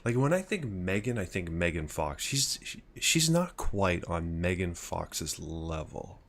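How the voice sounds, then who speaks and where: A man's voice: low voice, sing-song, measured pace, a bit bright. A man streaming a game live, chatting casually with viewers, swearing freely and rambling through his thoughts. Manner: chats with viewers. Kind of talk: live gameplay commentary.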